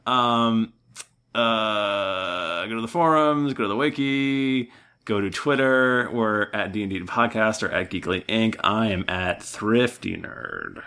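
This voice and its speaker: A man's voice: on the low side, takes it slowly, sharp tone, clean tone. A man hosting a tabletop podcast as dungeon master, playful and laughing with his co-hosts. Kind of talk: casual chat.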